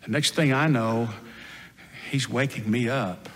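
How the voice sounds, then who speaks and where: A man playing the apostle Peter as a first-person dramatic monologue, telling the story earnestly and dramatically, moving between loud and hushed passages. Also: medium pitch, unhurried, close to an everyday voice. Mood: hushed, grave. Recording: long hall reverb.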